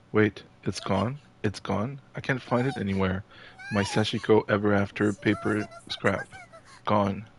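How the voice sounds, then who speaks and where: Frightened teen schoolgirl voiced by a man, game readthrough, deep voice. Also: slight background noise. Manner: reading game dialogue aloud. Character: anxious teenage schoolgirl, scared and alone.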